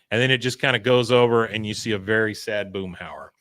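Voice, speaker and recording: A man's voice: on the low side, brisk, hardly any pauses, a bit bright, no echo. A man co-hosting a podcast, recapping an episode in chatty talk with many "uh"s. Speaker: podcast co-host. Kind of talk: casual episode recap chat.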